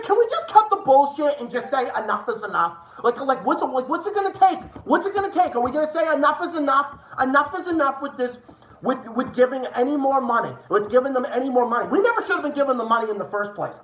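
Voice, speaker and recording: A man's voice: very high voice, lively intonation, fast, fairly bright tone. Ranting, profane male livestream host. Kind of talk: ranting political livestream commentary. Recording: roomy echo.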